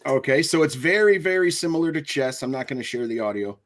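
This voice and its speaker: A man's voice: medium pitch, lively intonation, fast talker. A man hosting a casual video-call chat, telling rambling stories and laughing often. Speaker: podcast host.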